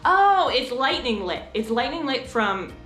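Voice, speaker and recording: Chatty higher-voiced woman in an echoey room. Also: measured pace, faint music behind. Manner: chatty, rambling, animated asides. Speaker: homeschool vlogger. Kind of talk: casual talk to camera.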